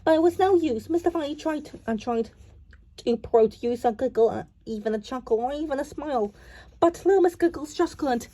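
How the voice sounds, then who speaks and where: A woman narrating a children's storybook, reading haltingly with frequent restarts. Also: high voice, expressive, mellow. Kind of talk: storybook read-aloud.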